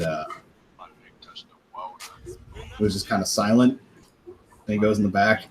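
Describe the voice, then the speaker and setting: A man's voice: on the low side, a bit bright, low-quality recording. A man on a podcast casually telling a long profane story, laughing now and then and acting out what others said. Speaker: podcast host.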